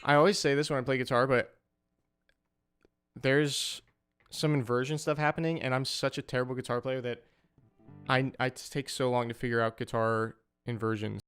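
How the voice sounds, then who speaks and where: A man's voice: mid-range voice, steady tone, moderate pace, fairly bright tone, smooth. A young man chatting casually with viewers on a music livestream. He greets people by name and rambles loosely between topics. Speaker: streamer and musician.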